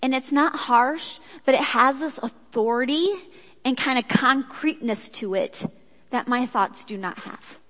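A woman giving a sermon with a personal story, in a chatty, animated way that acts out quotes. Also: high-pitched, unhurried. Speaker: speaker at a church gathering. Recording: echoey hall.

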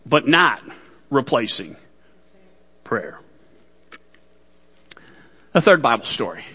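High-voiced, bright male pastor, hall reverb. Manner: folksy, joking asides to the congregation. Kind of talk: sermon.

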